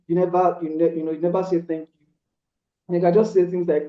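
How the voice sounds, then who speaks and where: A man's voice: sits high, fairly even intonation, a little fast. A man giving earnest, casual relationship advice, padding his points with frequent "you know" fillers and restarts. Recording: roomy, dull lo-fi sound.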